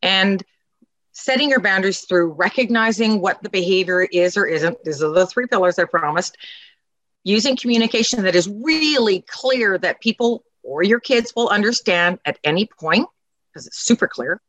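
Parenting coach, middle-aged woman; animated and emphatic, lots of pitch movement. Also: moderate pace, no echo. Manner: animated and emphatic, acts out quoted lines. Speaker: podcast guest, parenting coach. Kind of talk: casual conversation.

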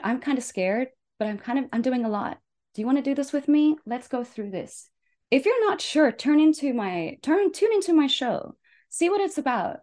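A woman life coach hosting her own show, giving an enthusiastic motivational talk that swings between loud and soft. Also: mid-range voice.

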